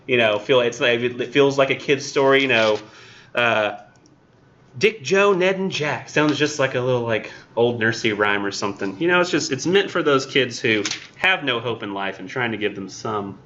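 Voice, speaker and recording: A man's voice: mid-range voice, animated, normal speed, bright, forceful tone, dull audio. A man teaching a college English class in a casual, chatty way, with wry sarcastic asides.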